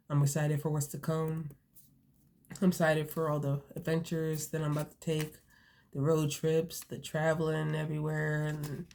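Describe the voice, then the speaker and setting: Young woman vlogging at home, earnest and halting, mellow voice, pretty monotone. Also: deep voice. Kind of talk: casual talk to camera. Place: home, indoors.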